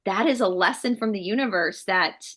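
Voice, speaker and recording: A woman from the States, co-hosting a casual chat and telling stories in an animated way, acting out what people said. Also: medium pitch, moderate pace. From Southern United States. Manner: animated storyteller, acts out quotes. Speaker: co-host. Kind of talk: casual conversation.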